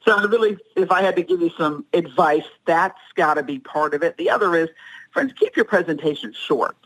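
A middle-aged woman talks as a podcast guest, handing out speaking advice in an emphatic, teacherly way. Her pitch leaps up and down with lively, animated expression. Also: a little fast, rough recording. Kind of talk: podcast interview, advice talk.

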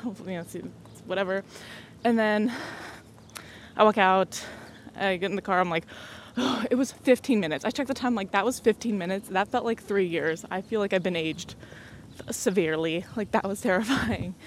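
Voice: medium pitch, normal speed, slight background noise. A young adult podcast host chatting casually, laughing often and acting out what others said. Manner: laughs often, acts out quoted dialogue. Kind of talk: casual storytelling chat.

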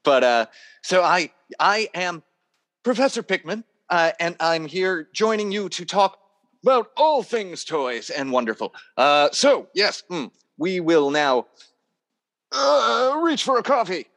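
Animated male toy maker chatting. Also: high voice, a little slow. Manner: animated, theatrical storyteller. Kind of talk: casual podcast interview.

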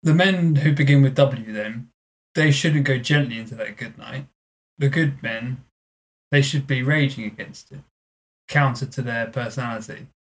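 A man's voice: mid-range voice, moderate pace. A man co-hosting a casual podcast, joking and teasing his co-host. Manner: jokey, teasing banter.

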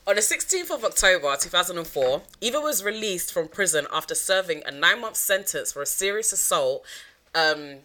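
A chatty woman co-hosting a podcast, her voice low-pitched and bright. She fills her talk with "like" and "um" and laughs easily. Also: animated, brisk. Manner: chatty, laughs often, lots of "like" and "um". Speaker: podcast co-host. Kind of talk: casual true-crime podcast chat.

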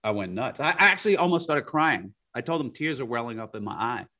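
Male guest, mid-pitched, chatty storyteller, laughs a lot, lots of "you know" and "like.". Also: fast. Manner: animated, rambling, laughs often, many fillers. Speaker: guest, art collector. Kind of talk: casual interview storytelling.

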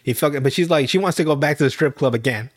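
A man's voice: on the high side, fast talker. A young man hosting a podcast, recapping a TV episode in casual chat, rambling and profane, with frequent laughs and restarts. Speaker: podcast host.

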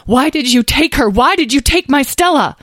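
A woman's voice: low voice, sing-song, slow pace, a little mellow, no room sound, studio quality, full character voice. A woman voicing a large mother dragon searching for her lost child, intense and demanding.

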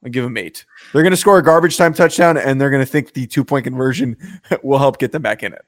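Man, co-host, mid-pitched voice, blunt and emphatic, casual football talk. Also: fast. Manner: blunt, emphatic, laughs easily. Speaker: podcast co-host. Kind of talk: casual sports-picks chat.

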